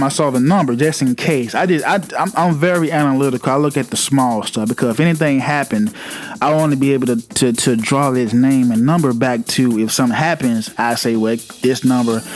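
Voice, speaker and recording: A man telling a funny personal work story in a rambling, animated way, often restarting sentences. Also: medium pitch, brisk, soft background music. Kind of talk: casual comic storytelling.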